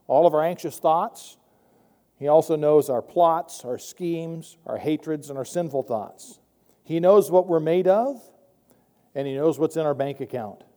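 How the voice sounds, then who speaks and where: A man's voice: on the high side, mellow. A pastor gives a sermon in a conversational, wry way, often restarting his sentences. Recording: long hall reverb.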